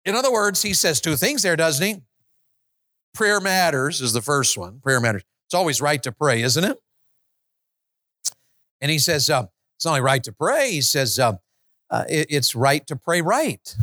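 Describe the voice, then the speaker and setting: A man preaching a sermon, peppering the congregation with rhetorical questions and swinging from loud, high exclamations to low, quiet stretches. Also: very animated, normal speed, long pauses, dry recording, studio quality.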